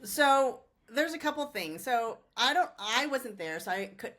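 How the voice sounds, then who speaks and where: A woman hosting a podcast conversation, explaining ideas through examples. Her pitch moves around a lot, and she often checks in with a quick "right?". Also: animated, fairly bright tone. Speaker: host, lawyer.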